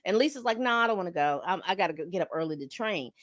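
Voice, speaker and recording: A woman's voice: fairly low pitch, racing. A woman hosting a podcast, casually recapping a TV episode, telling it like a story and acting out the characters' lines. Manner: animated storytelling, acts out quotes, calls listeners "baby".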